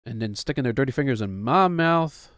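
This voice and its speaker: A man's voice: medium pitch, lively intonation, fairly quick, a bit bright, no echo, clean studio sound. A man in his thirties, a streamer who chats casually in a rambling, wry, self-mocking way. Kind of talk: casual chat.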